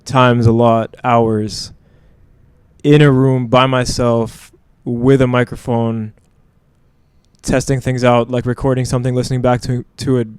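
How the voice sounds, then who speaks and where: A man, a guest musician who produces his own vocals, chatting thoughtfully and often backing up the host with quick laughing agreement. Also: medium pitch, level tone, a little mellow, clean tone, dry recording, studio quality. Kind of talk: casual chat.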